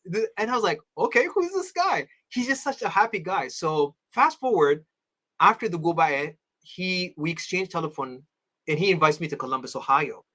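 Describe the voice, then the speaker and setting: A man's voice: a little high, moderate pace. A middle-aged man, an Orthodox priest, telling a personal story in an interview, acting out the people he quotes. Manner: animated storyteller, acts out quoted voices.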